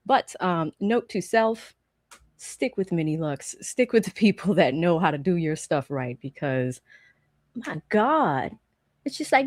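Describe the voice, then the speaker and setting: A woman's voice: lowish voice, big pitch swings, measured pace, a little mellow, no room sound, clean studio sound. A woman hosting a live stream, chatting casually and profanely, rambling through anecdotes before turning to trial commentary.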